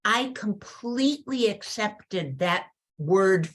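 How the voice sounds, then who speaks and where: A woman speaking on a panel in an unhurried, deliberate way. She weighs her words thoughtfully as she responds to what she heard. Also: medium pitch, expressive. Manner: thoughtful and measured. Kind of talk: panel discussion.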